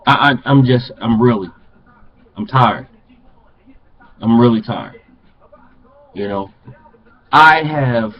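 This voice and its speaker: Older guy on a fan vlog going off about his team, fairly high voice, preachy and worked up. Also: muffled recording. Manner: passionate, preachy, repeats phrases for emphasis. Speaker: sports fan vlogger. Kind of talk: fired-up fan rant to camera.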